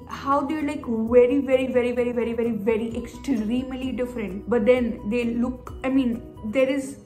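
Young woman vlogging about books, kinda high voice, gushy and chatty, music playing under it. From India. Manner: gushing, chatty, lots of "like" fillers. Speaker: book vlogger. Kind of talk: casual vlog chat. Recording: vlog with loud background music.

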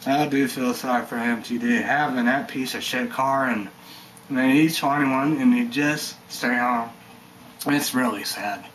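A man's voice: mid-range voice, a little slow, fairly bright tone, a little hiss or hum, poor audio. A man giving a rambling, heated vlog rant, swearing and leaning on "you know" and "stuff like that". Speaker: energy drink reviewer vlogger.

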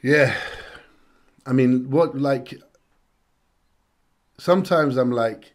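British man, mid-pitched voice, reacts to a track in an earnest, reflective tone, repeats lines for emphasis. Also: drawn-out words, long pauses. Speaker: music reaction host. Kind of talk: casual reaction commentary.

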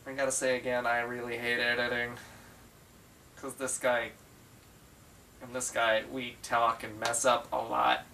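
A man's voice: monotone, a little slow, vocal fry, pauses often, pushed and bright. Casting: a young male vlogger, jokey and self-bantering, recorded from a distance from the camera, with a light hiss. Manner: playful, bickering with himself, jumps into higher voices. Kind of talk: comedic solo vlog.

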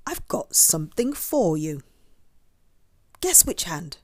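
A woman's voice: fairly low pitch, big pitch swings, slow pace, a little mellow, no echo, heavily acted. A woman voicing a kind, patient bear father in a storybook. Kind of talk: storybook character voice.

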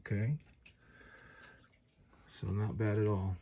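A man giving relaxed, casual how-to narration while working, talking to his viewers. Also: lowish voice, takes it slowly, creaky, slight background noise. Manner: relaxed, talks to viewers as guys. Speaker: vintage stereo hobbyist.

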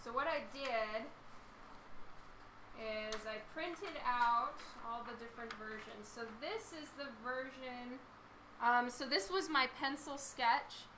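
A woman artist chatting casually with her live-stream viewers while she draws, laughing often, her voice a little hoarse. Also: fairly high pitch, takes it slowly, noisy background. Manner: chatty, laughs often, reads and answers chat. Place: home studio with a fan running.

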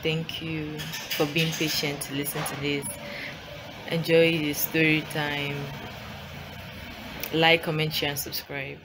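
Her voice sits low with little pitch movement, and she takes it slowly with long pauses amid background noise and music. This young Nigerian-accented vlogger tells a casual storytime, rambling, correcting herself, and laughing frequently.

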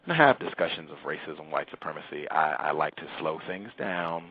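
Deep, husky male host; deliberate, lecturing delivery. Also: lively intonation, phone-quality sound. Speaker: radio show host. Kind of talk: call-in talk show.

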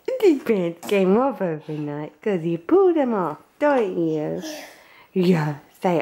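Animated Australian woman vlogging at home. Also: on the low side, a little slow. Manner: playful sing-song baby talk to her son. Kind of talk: casual home vlog. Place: guest room at home.

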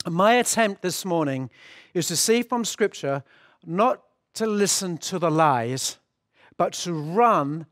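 Pastor guy preaching, earnest and kinda explaining as he goes, voice sits a bit high, dry close sound. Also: dry recording. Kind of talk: sermon.

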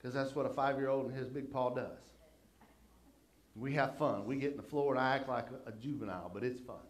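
A man's voice: medium pitch, fairly quick. An older man, preaching a sermon and telling folksy stories about his family in a conversational way. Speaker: pastor. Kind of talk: sermon storytelling.

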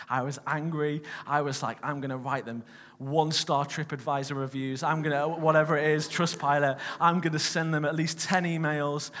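A young man delivers a sermon, moving from a casual personal story to emphatic declarations. His voice sits at an ordinary middle pitch. It rings with the long reverb of a large hall. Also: fairly bright tone. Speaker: preacher.

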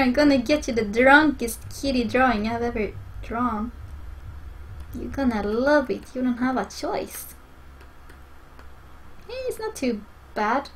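A young woman with a Swedish accent, streaming a video game live, excitable, swearing often and laughing a lot. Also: high voice, slight background noise.

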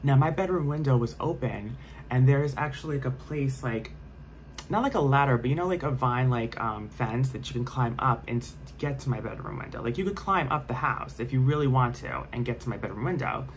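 A man's voice: medium pitch, animated, brisk, a little hiss or hum, low-quality recording. A young man telling a scary story in a casual vlog, rambling with lots of fillers and restarts.

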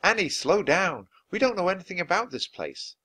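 A man's voice: sits high, very animated, normal speed, bright, forceful tone, dry recording, voice pushed up, heavily acted. A man voicing a careful, slightly worried young boy in a children's storybook reading. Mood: cautious. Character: cautious, thoughtful young boy.

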